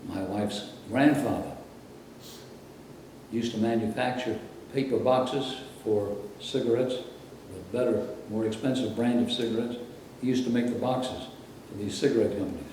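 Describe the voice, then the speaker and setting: A man's voice: medium pitch, moderate pace, a little mellow, very echoey, recorded from a distance, slight background noise, rough recording. An older man from Brooklyn, New York, reminiscing in a rambling, anecdotal way during an interview. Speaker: interviewee, former radio announcer.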